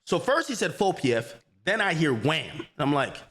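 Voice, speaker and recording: A man hosting a livestream, telling a heated story in an animated, profane, repetitive way. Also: on the high side, normal speed. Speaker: livestream host.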